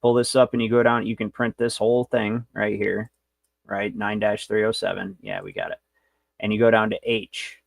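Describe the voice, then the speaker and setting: A man's voice: fairly low pitch, animated, normal speed, creaky, no echo. A man hosting a livestream, lecturing in a brash, rambling, profane way. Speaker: show host.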